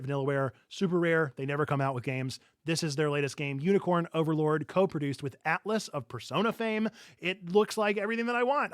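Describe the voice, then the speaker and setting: A man's voice: on the high side, a bit bright, smooth, no echo, studio quality. A man co-hosting a gaming livestream, chatting casually and enthusiastically about upcoming games and laughing easily. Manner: upbeat, enthusiastic, quick to laugh. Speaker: stream co-host. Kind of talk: casual chat on a gaming stream.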